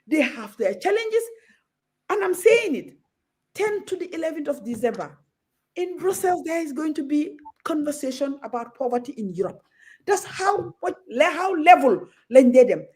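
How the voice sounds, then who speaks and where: A woman's voice: high-pitched, sing-song, moderate pace, darkish tone. A Gambian woman talking as a guest on a talk show, outspoken and passionate, moving freely between Wolof and English.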